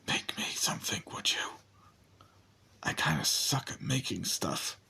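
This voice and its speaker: A man doing a soft-spoken woman bounty hunter. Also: lowish voice, lively intonation, moderate pace, breathy edge. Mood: teasing.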